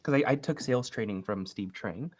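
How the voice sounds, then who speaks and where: A man's voice: lowish voice, brisk. Easygoing man coaching over a call. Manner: relaxed, explains step by step and acts out sample phone calls. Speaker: real estate investing coach. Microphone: video call.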